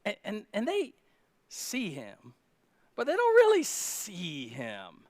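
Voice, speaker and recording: A male pastor preaches in a high, energetic voice, rising to loud points and dropping to near-whispers. His delivery is folksy, with humorous asides. The sound is close and dry, with no room echo. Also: slow. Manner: animated preaching with dramatic swings in volume. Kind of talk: sermon.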